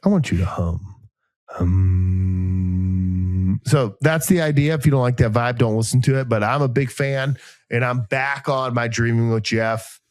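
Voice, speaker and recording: A man's voice: mid-range voice, normal speed, no echo, studio quality. A man co-hosting a podcast, telling rambling, jokey stories in a casual chat. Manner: rambling, jokey, animated storytelling. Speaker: podcast co-host.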